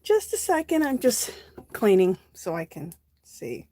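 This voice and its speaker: With a mellow mid-range voice whose pitch swoops wildly, this middle-aged woman talks a little slowly. She's crafting live at home, chatting with viewers she greets by name, a touch breathless.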